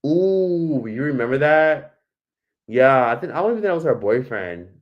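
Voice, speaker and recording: A man's voice: mid-range voice, moderate pace, lo-fi sound. A man hosting a casual livestream, chatting expressively while reading and answering viewer comments. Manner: chatty, animated, swearing freely. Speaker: livestream host.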